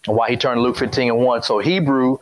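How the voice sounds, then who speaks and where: A man's voice: mid-range voice, steady tone, fairly quick. A man preaching a sermon to a congregation, talking conversationally, repeating his points and asking the room questions. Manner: conversational, repetitive, call-and-response with congregation.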